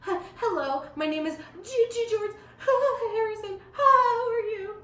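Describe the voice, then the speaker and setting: A woman's voice: fairly high pitch, very animated, moderate pace, fairly bright tone. A girl putting on a stammering anxious young man. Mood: nervous. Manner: stuttering, nervous. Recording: roomy echo.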